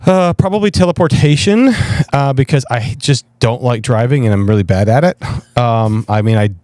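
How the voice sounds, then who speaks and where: A man, a pastor guest telling stories in an animated, self-deprecating way in a casual interview. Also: medium pitch, moderate pace, no room sound. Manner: animated, self-deprecating storyteller with frequent restarts.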